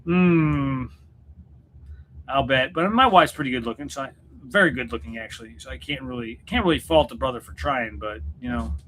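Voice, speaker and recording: A man with a bright, forward voice hosts a casual livestream chat. He rambles and jokes, restarting his sentences as he goes. A faint hum of noise sits under the voice. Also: medium pitch, animated, fast. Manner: rambling, self-interrupting, joking. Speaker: YouTube channel host and musician. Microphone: computer setup at home.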